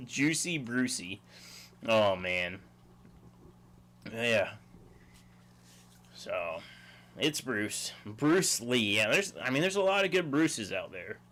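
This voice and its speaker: A man's voice: mid-range voice, big pitch swings, extremely slow, pauses often, a bit bright, slight background noise. A man hosting a casual livestream, rambling and chuckling as he reads out viewer chat. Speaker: livestream host.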